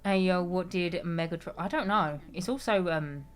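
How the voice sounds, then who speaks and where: A woman's voice: lowish voice, moderate pace. A young British woman chatting casually on a game stream, reading chat aloud and answering with some swearing.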